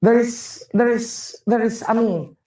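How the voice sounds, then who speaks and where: A man's voice: very high voice, a little slow, mellow. A man giving an emphatic public talk, repeating phrases as he builds his point. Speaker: speaker on wealth and taxes. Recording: echoey room from a distance.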